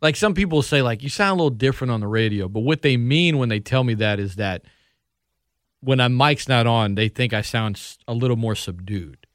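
A man, a radio sports host chatting loudly and lively at a studio microphone, laughing often. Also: medium pitch, fairly quick, no room sound. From Louisiana. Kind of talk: casual radio banter.

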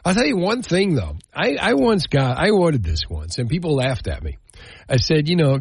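A male radio host talks in a lively, up-and-down way with a gravelly, husky edge. The sound is dry and close. He jokes with callers and reads phone numbers over and over. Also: on the high side, normal speed, dry recording. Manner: animated, jokey, repeats phone numbers. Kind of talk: call-in radio talk.

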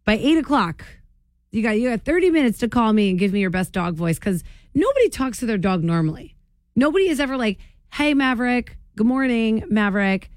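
A woman's voice: on the high side, lively intonation, fairly quick, no echo, studio quality. Bubbly woman radio host. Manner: bubbly, laughing often. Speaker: radio morning show host. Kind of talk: morning radio chat.

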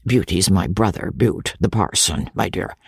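A reader voicing a coarse, stingy old male baronet who talks roughly and drops his word endings. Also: sits low, measured pace, no room sound, studio quality, pitched below the performer's own voice, full character voice. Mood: mocking roar. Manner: rough, drawling speech with dropped endings. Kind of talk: audiobook character voice.

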